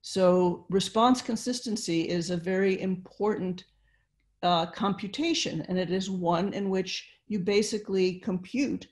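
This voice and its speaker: Slow-talking woman lecturing online. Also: mid-range voice. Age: older. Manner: slow, explanatory, with fillers and restarts. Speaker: neuroscience lecturer. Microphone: computer mic on video call.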